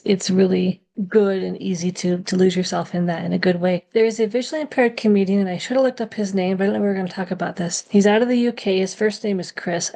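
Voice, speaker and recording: Brief: upbeat woman co-host, casual podcast chat, mid-pitched voice, quick to laugh. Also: gravelly, mellow.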